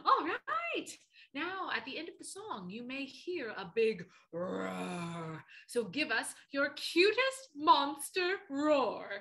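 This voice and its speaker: A woman's voice: high-pitched, sing-song, fairly bright tone, roomy sound, full character voice. A woman playing a playful three-eyed monster. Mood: encouraging. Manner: slow, playful and theatrical, counting moves aloud. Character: friendly three-eyed female monster teacher. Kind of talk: children's theater class.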